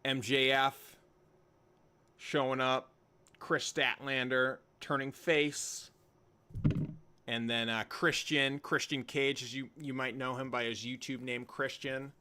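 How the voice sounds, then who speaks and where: A man's voice: mid-range voice, flat delivery, takes it slowly, sharp tone, clean tone. A young man hosting a live wrestling watch-along, rambling and joking while he reads and answers chat by name. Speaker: livestream host reacting to wrestling.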